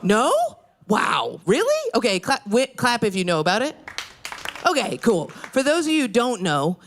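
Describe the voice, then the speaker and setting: A woman's voice: on the high side, huge pitch swings, normal speed. A woman from New York state doing a stand-up comedy set in a brash, crude, self-deprecating way. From New York state, USA. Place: comedy stage.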